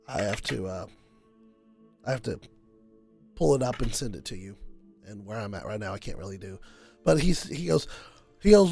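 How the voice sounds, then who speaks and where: Gravelly game master narrating. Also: male voice, on the low side, lively intonation, warm tone, soft background music. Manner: halting, many fillers and restarts, says y'all.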